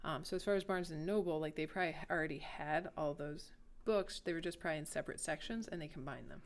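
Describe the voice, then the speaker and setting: A woman's voice: low-pitched, fast talker. A woman who teaches English, chatting casually on a school podcast and explaining things patiently. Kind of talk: casual chat.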